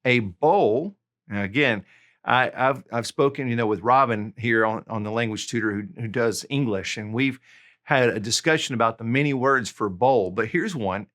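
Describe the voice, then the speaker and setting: A man gives a relaxed online language lesson in a middle-pitched voice. He speaks casually and warmly to his viewers, and he slows down to say each new word carefully, then says it again. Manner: slow, deliberate repetition of words; friendly, casual teaching. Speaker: Spanish tutor.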